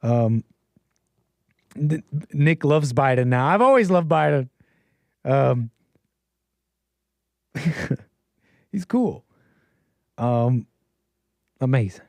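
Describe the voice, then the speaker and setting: A man's voice: mid-range voice, a little slow, long pauses, a little mellow, dry recording. Rambling playful male livestream host. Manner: rambling, playful, talks to the chat. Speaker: call-in show host. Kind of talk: casual livestream chat.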